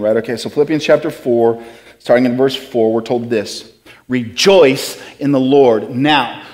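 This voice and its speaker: A male pastor preaching a sermon, animated and swinging between hushed and shouted, calling on the room to say lines back with him. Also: on the high side, in a large hall. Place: church sanctuary.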